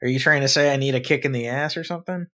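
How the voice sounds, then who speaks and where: A man's voice: medium pitch, racing. Young man telling a story, full of swearing. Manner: animated storytelling, acts out both sides with sudden loud outbursts and swearing. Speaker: podcast co-host. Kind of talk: casual chat.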